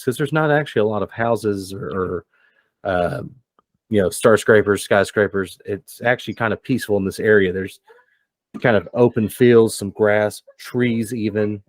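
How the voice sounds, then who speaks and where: A man runs a tabletop game as game master, narrating the scene in a relaxed, loose manner. His voice sits fairly low. The sound is dry and close, with no room around it. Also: no echo. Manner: relaxed, descriptive, loose with fillers.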